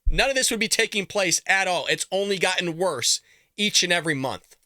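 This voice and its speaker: A man's voice: high voice, animated, a little fast, sharp tone, slight background noise. A man hosting a political commentary show, ranting in a riled-up, emphatic way with frequent swearing. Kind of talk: heated political rant.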